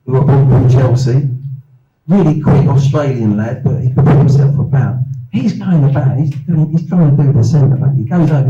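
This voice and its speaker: A man in his sixties from England, telling lively anecdotes at a live event and acting out the voices of people in his stories. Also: a little high, echoey room, dull audio. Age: 60s. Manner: anecdotal, animated, acts out voices. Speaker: guest speaker. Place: event hall.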